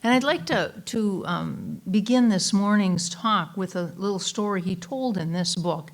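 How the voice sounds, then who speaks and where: A woman minister gives a conversational Sunday talk in a church. She tells a story in a relaxed, unhurried way, with fillers and restarts. Her voice sits at an ordinary middle pitch. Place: church sanctuary.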